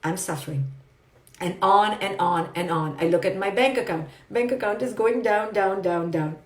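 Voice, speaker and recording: A woman's voice: medium pitch, moderate pace. Woman, motivational speaker, emphatic and repetitive, roomy echo. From India. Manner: emphatic, repetitive mantras, rhetorical questions. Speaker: psychologist giving a motivational talk. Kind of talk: livestreamed motivational talk. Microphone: phone or webcam.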